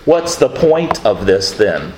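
A man preaching a sermon as a pastor, conversational in tone, with quick acted asides as he talks through scripture. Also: fairly low pitch, sing-song, darkish tone, roomy sound, slight background noise, low-quality recording.

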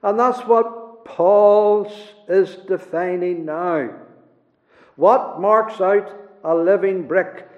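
A man preaches slowly and deliberately, his voice sitting high, pressing on key phrases and then falling almost to a hush. The sound carries a long, roomy church echo. The recording itself is dull and lo-fi. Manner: slow, emphatic preaching with dramatic drops in volume. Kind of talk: sermon.

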